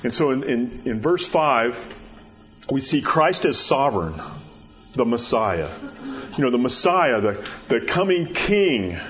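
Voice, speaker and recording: Conversational preacher, dull lo-fi sound. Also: male voice, lively intonation, a little slow, fairly bright tone, faint music behind. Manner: conversational, repeats words, rises in pitch for emphasis. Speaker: pastor. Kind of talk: sermon. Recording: dull lo-fi recording.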